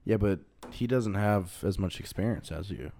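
Young male co-host, low-pitched, swears freely, loose and jokey. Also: moderate pace, gravelly, mellow. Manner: profane, laid-back, jokey. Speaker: podcast co-host. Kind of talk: crude casual banter.

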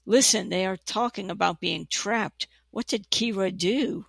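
An elf man at the front of a rescue party, calling out eagerly, voiced by a storybook reader. The voice sits a bit raised and gravelly. It is a plain storybook reading. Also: mid-range voice, measured pace, a bit bright, dry recording. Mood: urgent. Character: male elf rescuer, leading the way.

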